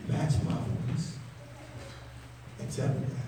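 A man preacher voicing God in a lower, soft, soothing tone. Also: lightly acted. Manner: slow, soft, reassuring. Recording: echoey hall, distant mic, faint noise.

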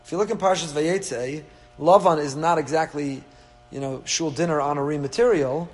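A man's voice: fairly high pitch, moderate pace. A man teaching a Torah class, asking rhetorical questions and dropping dry asides. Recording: echoey hall with faint hum.

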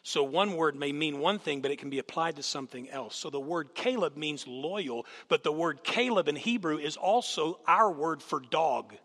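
Gravelly animated male preacher in a reverberant hall. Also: a little high, moderate pace, hardly any pauses. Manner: animated storytelling, asks the congregation questions. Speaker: guest preacher. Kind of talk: sermon. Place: church sanctuary.

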